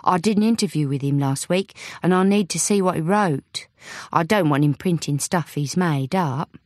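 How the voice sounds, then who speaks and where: A woman's voice: low-pitched, a little mellow, no room sound, clean studio sound. A woman voicing an earnest, slightly flustered young female reporter. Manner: earnest, quick to defend herself. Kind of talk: audiobook character voice.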